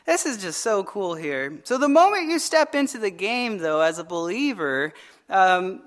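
High-voiced animated male pastor. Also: measured pace. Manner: animated storytelling with frequent "right?" tag questions; repeats words when starting phrases. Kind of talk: sermon.

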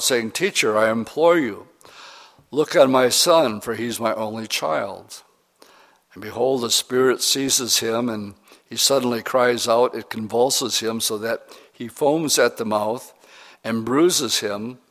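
A middle-aged man preaching as a pastor, reading scripture slowly and then explaining it in plain, conversational words with questions to the congregation. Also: mid-range voice, fairly bright tone. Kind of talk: verse-by-verse Bible teaching sermon.

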